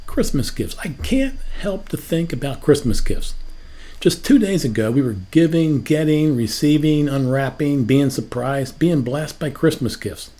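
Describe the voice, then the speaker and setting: A man's voice: fairly high pitch, lively intonation, unhurried, mellow. An older man preaching a sermon as a pastor, asking rhetorical questions in a conversational way.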